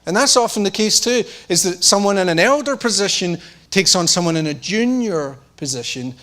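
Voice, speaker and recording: A man preaching a sermon, who acts out the lines of the characters and drops to a low, intense voice to press a point. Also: expressive, moderate pace, a bit bright.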